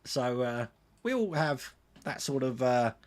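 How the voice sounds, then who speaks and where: Here a livestream host answers his chat, reading out viewer comments and replying conversationally. His voice sits in the mid-range, and he's very animated while staying unhurried.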